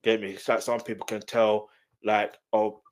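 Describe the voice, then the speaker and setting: A man from South London with a South London accent, chatting loosely on a reaction live stream, animated and rambling, repeating his phrases. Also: fairly low pitch, normal speed. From South London, England.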